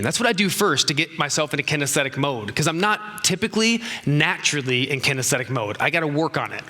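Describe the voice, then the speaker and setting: A middle-aged man teaching speaking skills to a live seminar audience, animated and acting out little exchanges in raised voices. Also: on the high side. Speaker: speaking coach.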